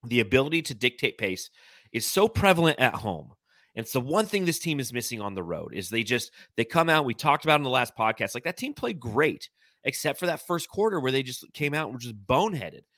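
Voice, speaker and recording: A young man co-hosts a casual sports podcast, speaking at a fairly quick pace in a medium-pitched voice. He's chatty and rattles through stats while giving animated breakdowns of plays. The recording is dry and studio quality.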